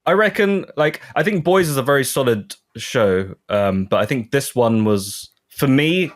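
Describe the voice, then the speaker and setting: A man's voice: mid-range voice, expressive, measured pace. Playful chatty male podcast co-host. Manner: chatty, playful, prone to voices and laughs. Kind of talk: casual chat.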